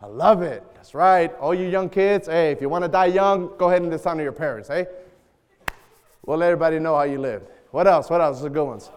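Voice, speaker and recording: A man preaching a sermon, bantering loudly with the congregation in call and response. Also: a little high, brisk, clear, resonant tone. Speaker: pastor. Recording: long hall reverb.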